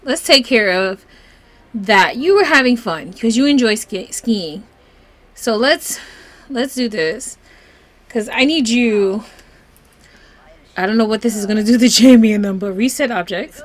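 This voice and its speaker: A woman's voice: on the high side, expressive, a little slow, long pauses. A woman hosting a casual let's play, chatting through the game and talking fondly to her characters. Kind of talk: casual gameplay commentary.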